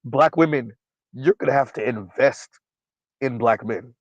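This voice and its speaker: A man's voice: medium pitch, measured pace, no echo, lo-fi sound. Blunt, emphatic male livestream host. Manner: blunt, emphatic, repeats points; frequent um fillers while recalling names. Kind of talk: casual livestream commentary.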